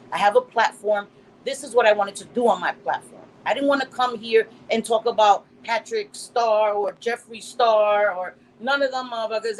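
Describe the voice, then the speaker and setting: A woman's voice: mid-range voice, a little hiss or hum, low-quality recording. A middle-aged woman from Puerto Rico hosting a casual live stream, blunt and profane, with Spanish words mixed in. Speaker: livestream host.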